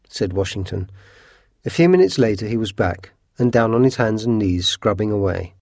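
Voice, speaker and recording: Male narrator, storybook reading, low voice, measured and expressive, dry close sound. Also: no room sound.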